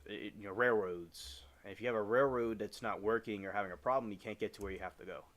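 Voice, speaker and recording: A man chatting casually on a gaming livestream from home, rambling with halting restarts as he talks over his game. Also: fairly low pitch, a bit bright. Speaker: live streamer.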